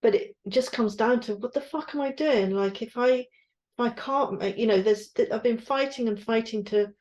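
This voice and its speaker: A woman's voice: on the high side, moderate pace, darkish tone, lo-fi sound. A woman co-hosting a podcast, talking candidly and searchingly, swearing and trailing off mid-thought. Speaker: podcast co-host, guesthouse owner. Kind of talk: candid casual chat.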